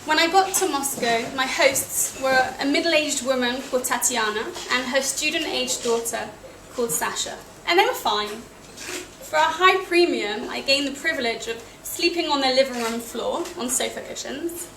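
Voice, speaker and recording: A woman's voice: high voice, moderate pace, a bit bright. A young British woman from England telling a wry, self-deprecating personal travel story to a live audience. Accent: British English. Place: cafe event room. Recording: echoey cafe with noisy ambience.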